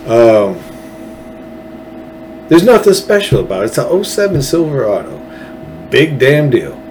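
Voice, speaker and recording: A man's voice: medium pitch, darkish tone, slight background noise, rough recording. A man hosting his own podcast, ranting bluntly and heatedly about politics and swearing freely. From Texas. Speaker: podcast host. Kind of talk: angry political rant.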